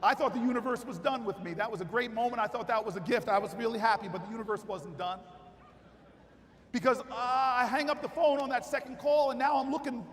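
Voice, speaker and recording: A man giving a keynote speech at a political convention, telling a story that builds into shouted rally calls. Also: very high-pitched, fairly quick, a little hiss or hum. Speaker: keynote speaker. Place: large convention hall. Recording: long hall reverb with faint crowd.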